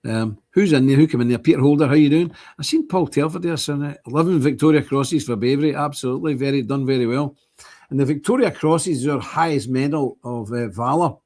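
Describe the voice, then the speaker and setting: Older ulster guy hosting a livestream, husky voice, rambly and opinionated. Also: fairly quick. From Northern Ireland. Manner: rambling and opinionated, pitch jumping up when animated. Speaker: livestream host. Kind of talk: casual livestream chat.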